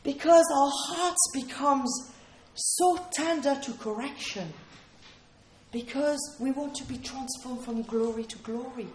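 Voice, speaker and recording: Woman preacher, earnest, fairly high voice, roomy hall echo. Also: takes it slowly, a little mellow, a little hiss or hum. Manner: earnest, emphatic, repeats key phrases. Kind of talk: sermon.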